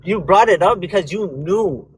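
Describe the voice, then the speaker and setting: A man calling into a live stream, arguing hard and fast and saying "bro" often. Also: high-pitched, a little hiss or hum, poor audio. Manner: argumentative, fast, says bro a lot. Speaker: caller. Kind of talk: heated argument on a live call.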